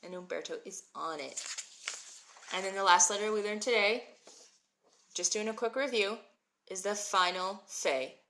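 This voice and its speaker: Her voice is medium-pitched and fairly bright, moving at a moderate pace with frequent pauses. She's a woman in her thirties who relocated to Israel as an adult, running a live-stream Hebrew reading class where she chats with viewers and reads their comments, naming them as she replies.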